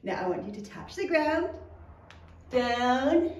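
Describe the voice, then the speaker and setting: A woman's voice: high-pitched, big pitch swings, slow pace, reverberant, far from the mic. A woman teaching children's Sunday school, talking to the kids in an encouraging, playful way as she leads songs and prayer.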